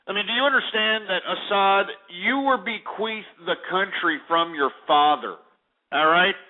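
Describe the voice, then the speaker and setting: A man's voice: sits high, measured pace, soft background music. A man hosting a talk radio show, ranting in a sarcastic, insulting way. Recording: tinny phone-like audio.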